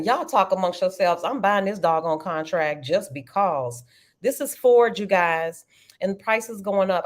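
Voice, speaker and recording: A middle-aged woman hosting a live trading stream, chatting animatedly and calling her viewers y'all. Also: mid-range voice. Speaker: livestream trading host. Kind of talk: casual live-stream chat.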